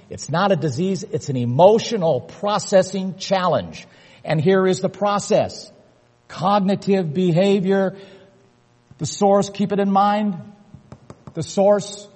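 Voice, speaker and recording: An older man preaching a sermon with emphasis, repeating key words and building to forceful peaks. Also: sits high, measured pace, husky. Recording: long hall reverb.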